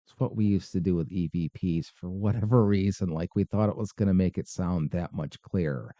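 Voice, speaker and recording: His voice sits low and dark, and he moves at a fairly quick clip as he hosts a podcast mocking paranormal videos with dry, skeptical asides. The recording is lo-fi without echo.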